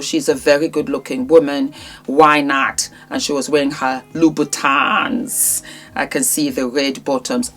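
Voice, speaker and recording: A woman vlogger casually reviewing red-carpet fashion, effusive and repeating her praise, talking straight to the celebrities as "darling.". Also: deep voice.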